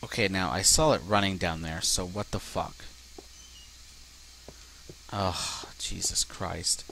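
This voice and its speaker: A man's voice: sits low, slow pace, vocal fry, sharp tone, slight background noise. A man commenting casually on his own gameplay as a let's play host, swearing often when things go wrong. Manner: swears a lot, frustrated outbursts.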